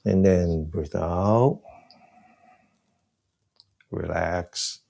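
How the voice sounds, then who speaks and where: A man teaching a breathing class, giving slow, soft guided cues and explaining with more energy. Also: low-pitched, creaky. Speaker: breathing exercise instructor.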